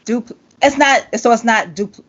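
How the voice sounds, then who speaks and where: Playful woman host, forties, jumpy lively talk, dull muffled audio. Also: on the high side, unhurried. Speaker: podcast host and singer. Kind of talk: casual interview chat.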